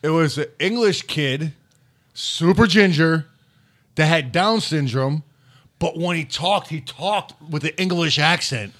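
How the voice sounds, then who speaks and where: A man's voice: on the high side, measured pace, a bit bright. Rambling, profane man telling a story. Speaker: podcast host. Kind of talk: casual chat. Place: podcast studio.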